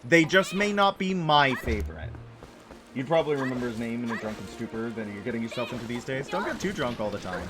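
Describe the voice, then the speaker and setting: Speaking quickly and animatedly in a mid-range voice, this man streams a game and chats casually with his viewers. He rambles, self-corrects and offers reassurance, while game music runs beneath his voice.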